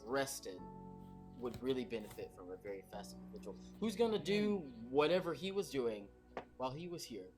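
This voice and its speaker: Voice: medium pitch, very animated, brisk, over music. A tabletop player with a dry, wary, teasing manner. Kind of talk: playing a character in a tabletop game.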